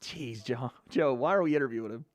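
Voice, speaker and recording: An American man hosting a live fight watch party, reacting with loud, excitable exclamations. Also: mid-range voice, fairly quick, no echo. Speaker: livestream host.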